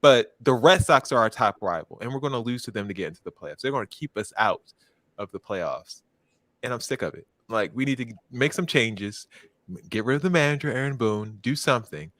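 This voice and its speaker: A man from Baltimore co-hosting a casual podcast, ranting with plenty of swearing and quick self-corrections. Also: medium pitch, expressive, fairly bright tone, no room sound. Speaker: podcast co-host. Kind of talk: casual chat.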